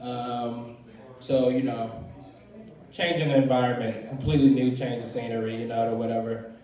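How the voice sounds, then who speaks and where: A man's voice: mid-range voice, steady tone, moderate pace, warm tone, distant mic. A young man from Washington, D.C. doing his first stand-up set, rambling and profane, with lots of fillers and restarts. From Southeast Washington, D.C. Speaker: first-time stand-up comedian. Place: comedy club stage, open mic. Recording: very echoey room, voice from afar.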